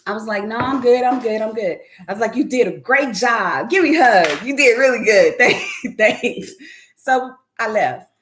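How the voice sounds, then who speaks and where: Woman host, casual and profane, very lively pitch. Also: moderate pace. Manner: animated, profane, laughs often, mimics others. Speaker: podcast host. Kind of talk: casual storytelling chat.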